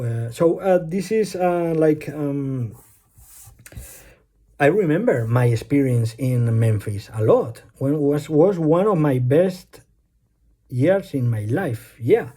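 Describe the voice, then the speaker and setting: A man's voice: a little high, expressive, takes it slowly, dark tone. Hesitant man with a Spanish accent. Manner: hesitant, many fillers, loses his thread. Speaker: vlogger. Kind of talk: rambling personal monologue. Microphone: phone.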